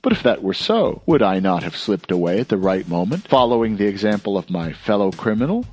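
A man reading an audiobook, voicing a clever young man who speaks softly, politely and playfully. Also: fairly low pitch, lively intonation, normal speed.

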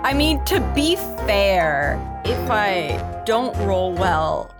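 A woman playing a tabletop game who chats casually and thinks out loud. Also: mid-range voice, sing-song, very slow, over music. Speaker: player.

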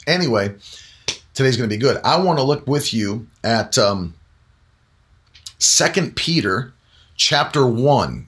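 A man preaching as a Pentecostal Bible teacher on a broadcast, chatting casually, then slowing down and climbing in pitch to hammer home key points. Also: bright, forceful tone. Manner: emphatic, slows down and rises in pitch on key points; conversational with fillers between emphatic stretches.

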